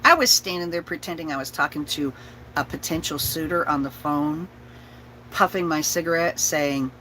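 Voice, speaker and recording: A woman's voice: low voice, moderate pace, pushed and bright, slight background noise, rough recording. A woman telling a personal story with profanity and laughter, acting out her family's voices. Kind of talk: personal story told to an audience.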